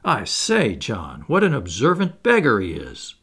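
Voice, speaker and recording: A man's voice: mid-range voice, huge pitch swings, a little slow, bright, forceful tone, breathy edge, heavily acted. A man reading the part of a cheerful, eager young aristocrat in a play, earnest and a touch pompous.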